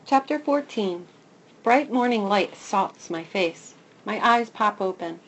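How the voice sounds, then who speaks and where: Woman reading a lively children's story. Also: medium pitch, muffled recording. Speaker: audiobook narrator.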